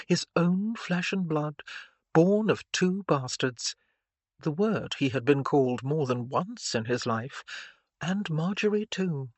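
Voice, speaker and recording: A man narrating an audiobook in a measured, even reading style. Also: on the high side, no room sound. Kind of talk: scripted narration.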